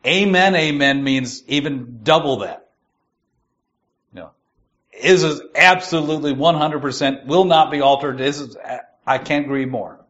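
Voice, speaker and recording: A man giving a sermon. He reads scripture slowly and stresses its key words. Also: mid-range voice, a bit bright, highs cut off. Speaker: preacher.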